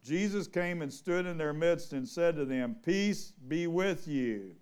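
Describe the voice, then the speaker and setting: A man's voice: a little high, expressive, measured pace, a little mellow, clear, resonant tone. A man preaching an informal sermon to a small church, reading scripture and asking the congregation questions in a folksy, conversational way. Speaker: pastor.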